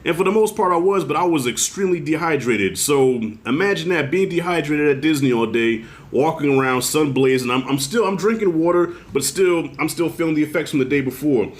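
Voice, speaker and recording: Animated, profane middle-aged male reviewer. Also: fairly high pitch, fairly quick, hardly any pauses. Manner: animated, profane storytelling with acted-out quotes. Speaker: TV show reviewer. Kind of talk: casual video review commentary.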